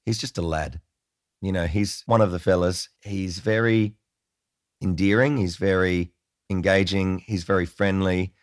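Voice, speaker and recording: Low-voiced man telling a story. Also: no room sound, studio quality. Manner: chatty, excitable, self-deprecating. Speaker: music vlogger. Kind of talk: casual storytelling to camera.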